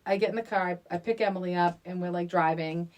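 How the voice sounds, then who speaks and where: A middle-aged woman co-hosting a podcast chats casually and tells a story with animation, acting out the quotes. Her voice is fairly low and she speaks quickly.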